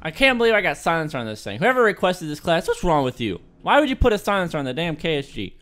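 A young man giving live gameplay commentary, excitable and self-deprecating, swinging from muttering to yelling. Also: on the high side, fast. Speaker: gaming video creator.

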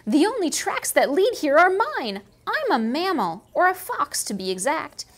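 A woman's voice: high voice, big pitch swings, pitched above the performer's own voice. A woman voicing a prickly but kindly male fox in a storybook reading, talking in an indignant, lecturing way. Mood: brisk explaining. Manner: indignant, then brisk and lecturing.

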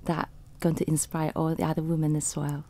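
A woman in her thirties, a photographer on a radio interview, speaking haltingly with restarts and slightly non-native grammar. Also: low-pitched, flat delivery, mellow.

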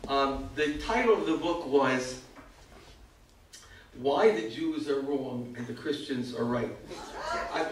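An older American man telling a humorous story at a community evening, self-mocking and animated, acting out other people's lines. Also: mid-range voice, takes it slowly, long pauses. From United States. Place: event hall. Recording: echoey hall, far from the mic.

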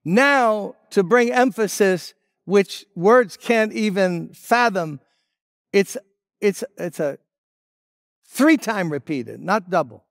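A man preaching a sermon as pastor, emphatic, dropping to hushed tones and rising on key words. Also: high voice, expressive, slow, no echo, clean studio sound. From United States.

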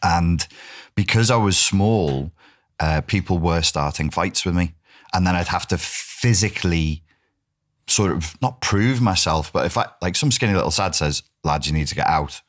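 A middle-aged man with a Wirral accent, telling animated stories as a podcast guest and swearing freely. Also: low voice, normal speed. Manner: animated, swears, does voices for others. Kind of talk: casual storytelling interview.

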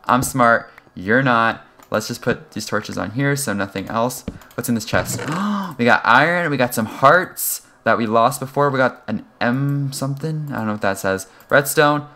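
A young man giving casual, rambling commentary over a game he is playing, excitable and self-mocking, with sudden high yelps when startled. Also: background noise. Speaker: gaming channel host.

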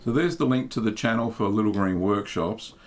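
A middle-aged man, hosting a casual livestream in a relaxed, chatty way, with plenty of ums and uhs. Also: lowish voice, fairly quick. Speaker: livestream host.

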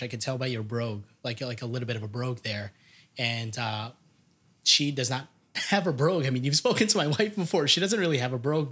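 An upbeat male podcast host in casual chat. His voice sits at an ordinary middle pitch, and he talks in a friendly, chatty way with frequent laughs. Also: fairly bright tone, slightly rough.

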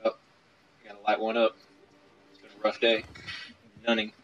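A man's voice: lowish voice, completely flat delivery, normal speed, lo-fi sound. A young man co-hosting a let's play, joking and reacting to the game as he plays. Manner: joking banter, reacts to gameplay. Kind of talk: casual gaming commentary.

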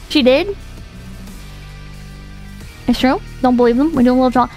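A woman's voice: sits high, moderate pace, long pauses, darkish tone, faint music behind. A woman streamer reading viewer messages aloud in casual, joking chat, swearing freely. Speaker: virtual streamer.

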